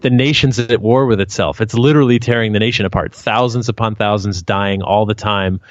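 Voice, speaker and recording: A man in casual podcast chat, animated and jokey, with many restarts. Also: fairly low pitch, brisk, no room sound. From New England. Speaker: paranormal investigator and author. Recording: slightly dull dry sound.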